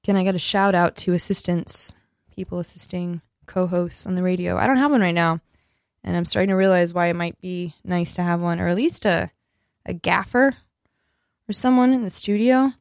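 Alone in the studio, a woman hosts a radio show, rambling and joking and often losing her thread as she interrupts herself. Her voice is on the low side and creaky, at a moderate pace, in a dry recording.

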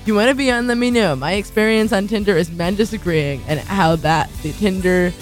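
A woman's voice: mid-range voice, brisk, soft background music. A young woman hosting a community radio talk show, rambling and swearing as she tells stories. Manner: profane, rambling, animated. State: tired.

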